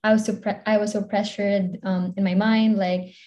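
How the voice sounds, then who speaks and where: A woman's voice: medium pitch, flat delivery, moderate pace, dark tone. A young woman with a Filipino accent, a content creator chatting casually as an interview guest, rambling with lots of fillers and giggles.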